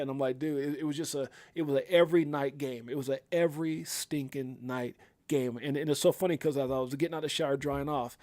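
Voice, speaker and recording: A man's voice: medium pitch, darkish tone. Grieving man hosting a livestream. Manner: halting, many fillers and restarts; reads viewer comments aloud. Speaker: livestream host. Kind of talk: casual livestream chat.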